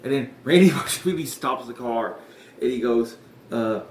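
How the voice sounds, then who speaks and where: A podcast host recaps an episode in casual chat, rambling, swearing, and laughing often. His mid-range voice moves at a moderate pace. The room sounds echoey with faint noise.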